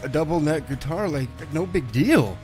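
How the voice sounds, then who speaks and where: A man's voice: fairly high pitch, lively intonation, moderate pace, a little mellow, faint music behind. A man co-hosting a radio show, laughing and groaning at his partner's puns and hyping up an upcoming guest. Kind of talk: casual radio banter.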